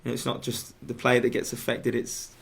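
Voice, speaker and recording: Halting, friendly man chatting on radio. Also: medium pitch, monotone, gravelly. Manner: halting, many restarts and fillers. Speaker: footballer guest. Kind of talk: casual radio chat. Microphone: studio microphone.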